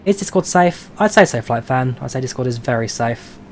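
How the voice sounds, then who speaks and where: Expressive and fairly quick, this medium-pitched man has a London accent and comes from London, England. As a flight sim streamer, he chats casually on a live stream while flying a simulator, reading out viewer questions and answering with plenty of "uh"s. Slight background noise can be heard.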